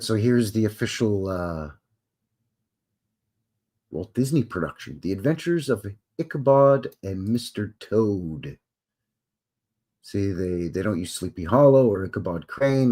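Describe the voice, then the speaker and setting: A man's voice: sits low, animated, unhurried, darkish tone. A man hosting a casual live stream, chatting, reading aloud and adding asides.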